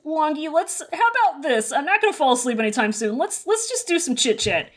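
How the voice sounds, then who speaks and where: A restless, feverish young man who will not stop talking, as a woman puts him on. He nags and pleads in a high, sing-song whine that swoops all over the place. It has a slightly distant sound. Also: very animated, brisk. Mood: whiny.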